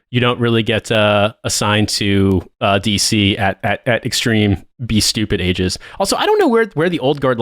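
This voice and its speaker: A man's voice: fairly low pitch, no echo, clean studio sound. A man in his thirties co-hosting a podcast, telling a long story in casual chat, rambling and swearing, laughing often. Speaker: podcast co-host.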